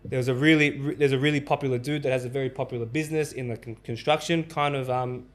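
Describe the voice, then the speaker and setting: A man's voice: mid-range voice, fairly even intonation, fast talker. A man hosting a podcast, telling a story in casual chat, earnest and stumbling over restarts. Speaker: podcast host and barber.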